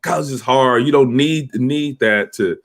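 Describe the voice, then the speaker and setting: A man with a deep morning voice, a cybersecurity professor on a panel, telling stories in a relaxed way. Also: a little slow. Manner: relaxed storyteller, laughs easily. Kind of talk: casual panel chat.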